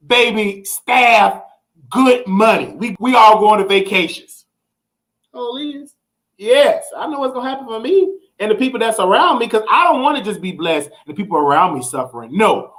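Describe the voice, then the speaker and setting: A man hosting a livestream talk show, swinging from preachy, excited exclamations and scatting sounds to relaxed explaining. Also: a little high. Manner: relaxed explaining when giving money tips. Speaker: show host.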